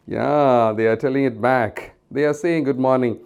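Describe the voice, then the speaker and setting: A woman leading a children's puppet show, talking in a gentle, coaxing way and repeating things for the children. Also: rumbling low, steady tone, unhurried, hardly any pauses, clear, resonant tone, highs cut off. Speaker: children's church teacher.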